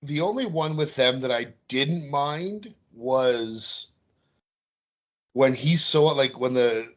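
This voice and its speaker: Animated man laughing through movie talk. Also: mid-range voice, slow. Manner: animated, laughs while retelling scenes. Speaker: podcast co-host. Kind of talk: casual chat.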